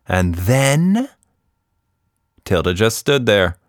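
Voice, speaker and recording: A man reads a children's story in an expressive, animated way. His pitch rolls up and down with the tale while he takes his time. The sound is close and dry. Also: a little slow, dry recording.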